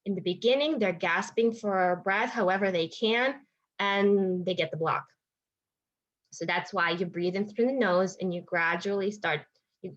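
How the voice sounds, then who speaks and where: A woman's voice: mid-range voice, a bit bright, dull audio. A woman speech therapist explaining strategies to parents in an informal, thinking-aloud teaching talk with frequent restarts.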